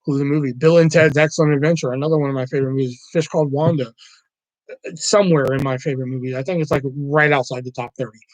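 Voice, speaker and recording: A man's voice: mid-range voice, fast, no echo, poor audio. A man hosting a casual livestream, rambling and swearing freely, with lots of filler words as he tells stories. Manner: animated storyteller. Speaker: livestream host.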